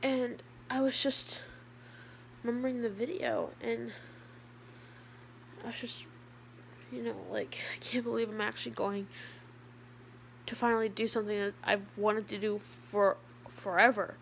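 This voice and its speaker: Teenage girl, casual vlogger; higher-pitched, rambling delivery full of fillers, faint background hiss. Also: little pitch movement, unhurried, vocal fry, pauses often. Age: teens. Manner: chatty, rambling, with many fillers. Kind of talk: casual vlog talk.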